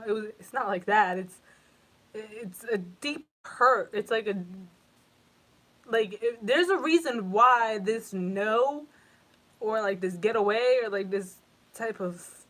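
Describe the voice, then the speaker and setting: A woman's voice: mid-range voice, a bit bright. A young woman giving a casual tarot reading to camera, rambling and emotional, with frequent swearing and fillers. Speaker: tarot reader.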